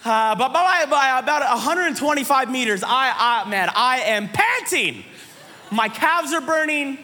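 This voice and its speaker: Male preacher, sermon delivery, lively comic storytelling, high bright voice. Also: unhurried, big-room sound. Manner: animated storytelling, voices quoted people.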